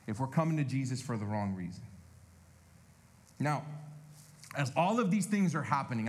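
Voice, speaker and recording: A pastor preaching a conversational sermon, speaking to the congregation directly and animatedly. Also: male voice, a little high.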